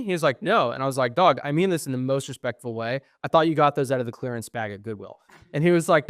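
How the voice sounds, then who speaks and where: A man's voice: medium pitch, fast talker, dry recording, clean studio sound. A young man co-hosting a podcast, telling stories in casual chat, quoting others and swearing often. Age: young adult. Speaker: podcast co-host.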